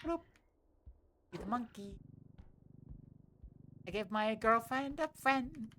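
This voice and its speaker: Slow, bright-voiced woman streamer. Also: a little high, animated, a little hiss or hum. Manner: giggly, easily amused. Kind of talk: casual gameplay chat.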